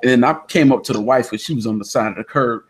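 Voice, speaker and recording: A man hosting a casual online discussion with a Southern American accent, telling a story in an animated way and acting out the people in it. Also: medium pitch, quick pace, breathy edge. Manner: animated storyteller, acts out quotes loudly. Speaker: podcast host. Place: indoors during a thunderstorm. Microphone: online call connection.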